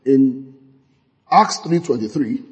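A man's voice: medium pitch, takes it slowly. A man preaching and teaching from the Bible, quoting scripture, with frequent laughter in his delivery. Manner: lively, laughing often, quotes scripture. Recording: long hall reverb.

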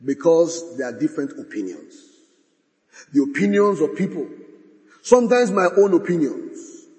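A man preaching a sermon, swinging from bold declarations to hushed asides and reciting scripture. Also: a little high, sing-song, moderate pace. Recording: long hall reverb.

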